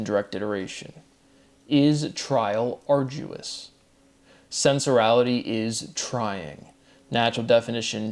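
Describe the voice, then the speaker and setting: Man, solo talk, methodical recitation, repeated set phrases, phrase ends trail off quietly. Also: mid-range voice, gravelly. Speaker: host. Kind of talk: solo recorded commentary.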